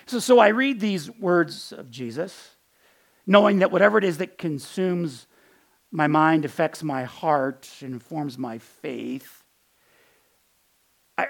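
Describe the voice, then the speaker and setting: A middle-aged man giving a sermon in an earnest, conversational way, often repeating words as he restarts and going soft on quotes. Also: high voice, creaky. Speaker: pastor.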